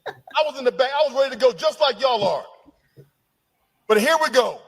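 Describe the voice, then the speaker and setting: High-voiced indignant man speaking out. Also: expressive, moderate pace, a bit bright. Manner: indignant, questioning. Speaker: speaker in a played clip. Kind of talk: impassioned public speech.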